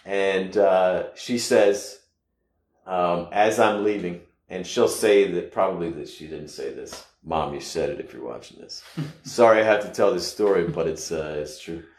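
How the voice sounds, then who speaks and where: A man from the United States telling a personal story casually, rambling with halting restarts and sudden loud bursts. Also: sits low. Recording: echoey room.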